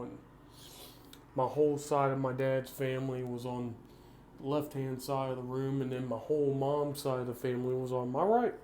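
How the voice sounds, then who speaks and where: A man's voice: mid-range voice, darkish tone. A man with a Southern US accent telling a personal story in a plain-spoken, earnest, rambling way. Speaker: vlogger. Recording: roomy echo, faint background hum.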